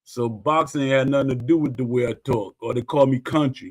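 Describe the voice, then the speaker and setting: A man with a New York accent in casual podcast chat, talking in a halting, drawled way with fillers. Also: mid-range voice.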